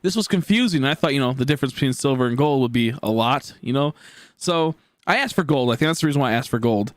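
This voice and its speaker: A man's voice: mid-range voice, lively intonation, fast talker, dry recording, clean studio sound. A man in his twenties telling a long story while streaming, rambling with many fillers and swearing. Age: 20s. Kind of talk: casual storytelling.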